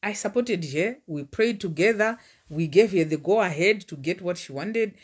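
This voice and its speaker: Female preacher, 40s; fervent, declarative, pitch swings widely. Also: lively intonation, normal speed, husky. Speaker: preacher and relationship coach. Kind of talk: livestream sermon with personal testimony.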